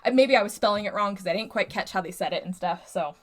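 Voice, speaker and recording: A woman's voice: mid-range voice, fast talker. A woman co-hosting a podcast, casually recapping a movie plot in a rambling way, full of "like" and "and stuff". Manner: rambling, filler-heavy recapping with frequent "like" and "and stuff". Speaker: podcast co-host.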